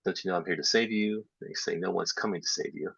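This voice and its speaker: Deep gravelly man giving a workshop talk. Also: quick pace, no echo. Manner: explains step by step, drops into soft half-whispered asides. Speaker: English teacher trainer. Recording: dull lo-fi sound.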